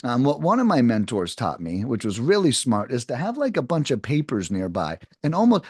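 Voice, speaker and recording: Lively man coaching cold callers. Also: medium pitch, brisk, few pauses, breathy edge, dry recording, studio quality. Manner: animated, talks to viewers as guys, acts out sample phone lines. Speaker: cold calling sales trainer. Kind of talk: casual coaching lesson to camera.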